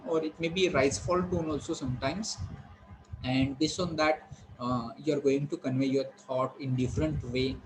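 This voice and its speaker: Lecturer, a bit high. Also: male voice, a little hiss or hum, low-quality recording. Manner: explanatory, repetitive, many fillers and restarts. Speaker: college lecturer. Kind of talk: classroom lecture.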